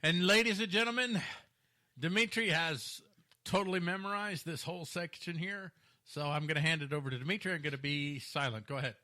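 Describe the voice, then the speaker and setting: A man's voice: fairly high pitch, brisk, bright, forceful tone. A man co-hosting a casual talk show, joking and teasing while stumbling through read-aloud news. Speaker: co-host. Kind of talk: casual podcast banter.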